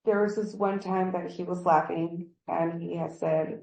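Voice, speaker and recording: In an interview, an employee gives a rambling statement about a workplace incident, acting out what others said. Her voice is on the low side and dark, with a level tone, vocal fry, and normal speed. The recording is reverberant and rough.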